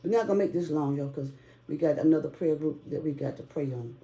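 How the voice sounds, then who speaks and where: A woman's voice: deep voice, quick pace, dark tone. A woman, preaching on a prayer call and singing hymn lines, near tears at times, in short bursts with many "okay?".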